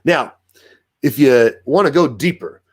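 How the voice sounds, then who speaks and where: A man working as a dog trainer, explaining in a casual, animated way and acting out what dogs think in little voices. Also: medium pitch, measured pace, husky. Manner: animated, acts out dogs' thoughts in voices. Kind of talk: casual instructional talk.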